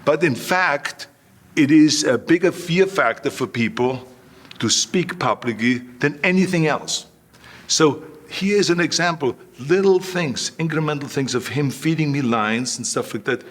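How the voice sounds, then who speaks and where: A man in his sixties from Austria, with an Austrian accent, telling animated stories as an interview guest, acting out what others said. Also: on the high side, unhurried. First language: German. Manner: animated anecdotes with quoted voices. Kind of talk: storytelling interview.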